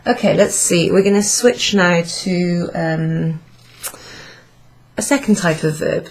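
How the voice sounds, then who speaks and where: A woman leads a French grammar class, her voice sitting a little low. She talks slowly and patiently, repeating herself and sounding out each French phrase with care. She speaks indoors to a live class. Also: gravelly, darkish tone. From Wales. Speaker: French teacher. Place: pub function room, indoors.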